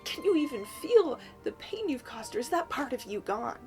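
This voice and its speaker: A woman's voice: high voice, expressive, fairly quick, soft background music. A woman voicing a young heroine who is furious and accusing, her words stumbling in anger. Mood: angry, accusing.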